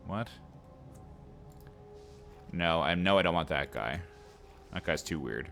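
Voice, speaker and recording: A man with a fairly low voice reads a game's text aloud at his desk mic, then drops into playful, chatty asides to viewers. Faint game music plays softly behind him. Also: expressive, slow, creaky. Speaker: let's play host.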